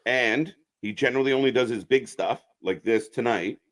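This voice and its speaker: A man's voice: medium pitch, normal speed, a bit bright. A man co-hosting a live wrestling watch-along, chatting casually and laughing often. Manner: chatty, laughs often, asks viewers to subscribe.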